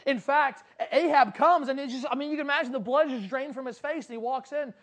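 A preacher giving a sermon, retelling scripture in an animated, conversational way with rhetorical questions and asides to the congregation. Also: high-pitched, a little fast.

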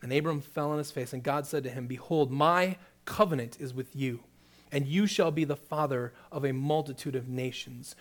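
A man's voice: mid-range voice, normal speed. A man preaching a sermon, reading scripture aloud and then explaining it with rising emphasis. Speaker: pastor.

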